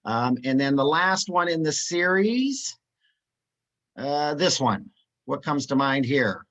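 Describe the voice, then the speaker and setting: A man's voice: fairly high pitch, very animated, takes it slowly, fairly bright tone, poor audio. A man presenting a live webinar, upbeat and chatty, reading out chat replies with many "uh" fillers.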